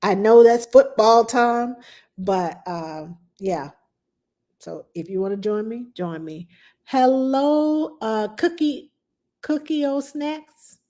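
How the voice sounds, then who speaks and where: A woman's voice: on the high side, slow, mellow. A middle-aged woman, a nanny chatting casually to her live-stream viewers, rambling with many fillers.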